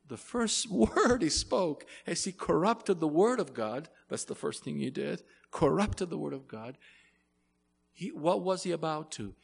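A man's voice: a little high, vocal fry, in a large hall. A man preaching a sermon in an earnest way, repeating phrases and rising to emphatic bursts.

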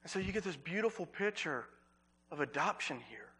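A man preaching a sermon as pastor, earnest, repeating words for emphasis and slowing on key phrases. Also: on the high side, sing-song, pushed and bright, husky.

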